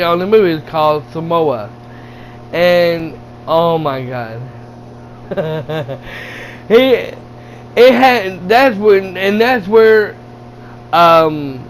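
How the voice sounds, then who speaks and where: Excitable high-voiced man rambling. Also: a little hiss or hum, low-quality recording. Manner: excited, laughing often, stumbling restarts, swearing. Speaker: gaming channel host reviewing a movie. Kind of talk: casual rambling movie recap.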